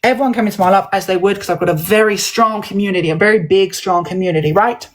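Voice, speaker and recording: A woman hosting a livestream, telling a heated story in a casual, animated way and acting out the voices of others. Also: mid-range voice, quick pace, rough recording. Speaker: livestream host.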